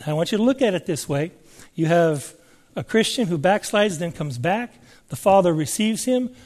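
A man's voice: high-pitched, lively intonation, moderate pace, a little mellow. A man preaching a sermon, reading scripture aloud and asking the listeners emphatic questions.

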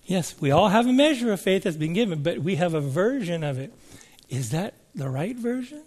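A man with a high-pitched voice delivers a sermon to his congregation. He keeps it conversational and often checks in with the room by asking questions. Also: big pitch swings, moderate pace, darkish tone. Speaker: preacher. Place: church service before a congregation.

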